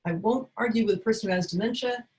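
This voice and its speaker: A woman's voice: mid-range voice, fast, a little mellow, poor audio. A woman teaching caregivers, coaching them and acting out short dialogue examples. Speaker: caregiving educator. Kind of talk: instructional talk.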